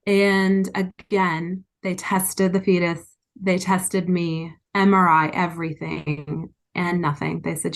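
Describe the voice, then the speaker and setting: A woman's voice: fairly low pitch, flat delivery, slow. A woman guest in an interview, telling her own story in an earnest and emotionally frank way. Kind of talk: candid personal storytelling.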